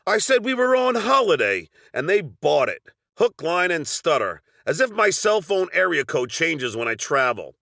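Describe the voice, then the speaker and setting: A man's voice: fairly high pitch, big pitch swings, moderate pace, vocal fry, hardly any pauses, pushed and bright, no room sound, studio quality. A middle-aged man with a Long Island accent narrating a personal story from a script, with wry, sardonic asides.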